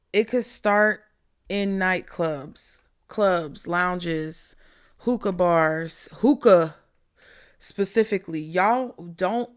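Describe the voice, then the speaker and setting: A woman's voice: medium pitch, smooth. A woman vlogger giving a casual spiritual talk to her viewers, calling them y'all and child in a chatty way. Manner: slow, drawn-out delivery. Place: home indoors.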